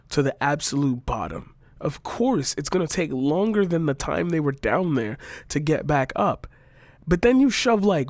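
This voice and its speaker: A man's voice: a little high, a little mellow, no echo. A young man ranting to camera, exasperated, sarcastic and profane. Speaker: vlogger. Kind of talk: frustrated opinion rant to camera.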